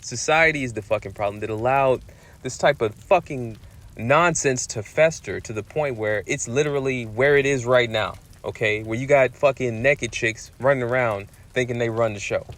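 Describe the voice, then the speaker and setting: A man's voice: medium pitch, normal speed, fairly bright tone. A man telling a story in a heated, profane rant, repeating himself for emphasis. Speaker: vlogger.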